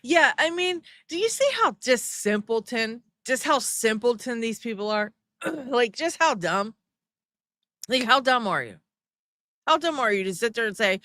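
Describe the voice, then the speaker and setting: A woman's voice: on the high side, moderate pace, fairly bright tone, no room sound, studio quality. A woman hosting a live stream who comments sarcastically and mockingly and laughs often while reading the chat. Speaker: livestream host.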